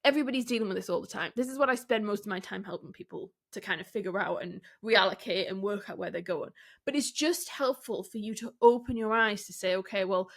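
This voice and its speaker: A woman hosting a solo business podcast, coaching listeners in a direct, candid way with rhetorical questions and quick laughs. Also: mid-range voice.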